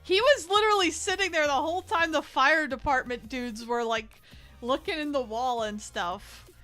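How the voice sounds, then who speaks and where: Bright-voiced young woman chatting casually. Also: high-pitched, moderate pace, faint music behind. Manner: rambling, swears freely, laughs often. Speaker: art streamer. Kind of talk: casual chat while drawing.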